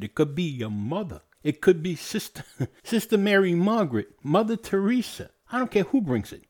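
Animated man hosting a podcast. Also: on the high side. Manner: animated, rhetorical questions, jokey asides. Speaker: podcast host. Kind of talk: monologue podcast.

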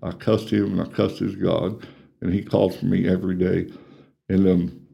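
A middle-aged man with a drawl tells his story in an interview, plain-spoken and earnest. His voice sits low and dark, with a gravelly fry. He drops to a hush when things get painful. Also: flat delivery, normal speed, highs cut off. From Texas, USA. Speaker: ministry coordinator.

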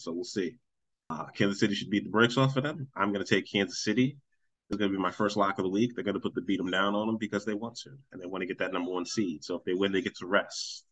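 A man running a casual sports podcast, joking with friends and laying out his picks. His voice sits a bit low but comes across bright and forceful. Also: poor audio. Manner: joking, animated storyteller. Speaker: podcast host.

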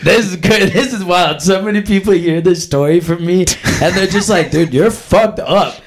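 A man's voice: high voice, normal speed. A young man telling a wild party story on a podcast, crude and laughing as he goes. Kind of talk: casual storytelling.

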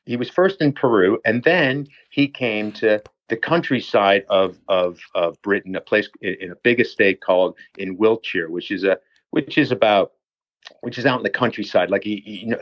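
Rambling male storyteller, low voice. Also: moderate pace, no room sound, highs cut off. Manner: rambling, with many restarts and "you know"s. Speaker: personal trainer. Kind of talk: casual storytelling.

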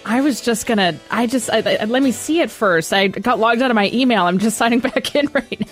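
A woman's voice: on the high side, fairly quick, soft background music. A woman co-hosting a morning radio show, giggly and casual, often trailing off mid-sentence.

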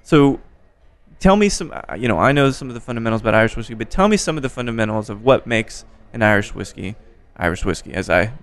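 American man from the Midwest, gravelly voice, wry host of a relaxed chat. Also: mid-range voice, fast. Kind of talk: casual chat. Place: bar by a window.

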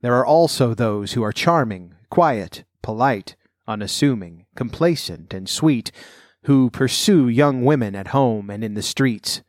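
A man narrating a fairy tale in a measured, clear storytelling voice. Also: medium pitch, animated, dry recording, studio quality.

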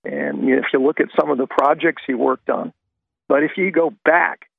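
A man's voice: a little high, steady tone, normal speed, no room sound. A man from Florida calling in to a radio show, laying out history point by point in a conspiratorial way. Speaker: caller. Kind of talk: phone-in caller commentary. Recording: tinny gravelly phone line.

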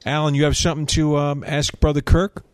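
A man's voice: a little high, little pitch movement, a little fast, dry recording, studio quality. A male radio show host responding to a guest in casual chat, affirming what he hears with religious interjections.

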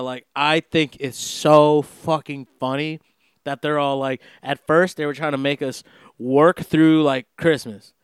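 Rambling, profane man with a smooth voice. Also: on the high side, dry recording. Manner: rambling, profane, laughing storyteller. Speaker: vlogger. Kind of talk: casual chat. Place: Los Angeles.

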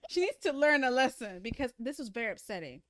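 Lively high-voiced woman chatting about a book. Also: fast, no room sound, studio quality. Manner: animated, slangy, exclamatory. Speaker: book podcast co-host. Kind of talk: casual book discussion.

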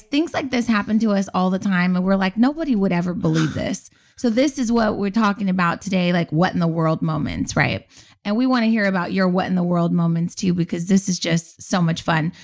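Animated woman podcast storyteller. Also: medium pitch, creaky. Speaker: podcast co-host. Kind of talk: casual storytelling chat.

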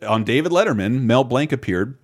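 A man hosting a casual podcast, animated and rambling, often laughing and swearing. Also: mid-range voice, brisk. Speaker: podcast host.

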